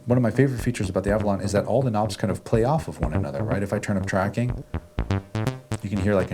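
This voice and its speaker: A man hosting a casual music gear walkthrough, relaxed and chatty, often checking in with "right?". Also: fairly low pitch, fairly quick. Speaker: music gear video host. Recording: faint synth music underneath.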